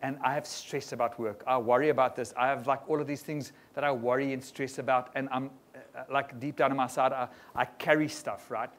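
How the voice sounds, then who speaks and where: A man preaching a sermon to a congregation in a lively style, often tagging on quick questions to the room. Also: mid-range voice. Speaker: pastor. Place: church hall before a congregation.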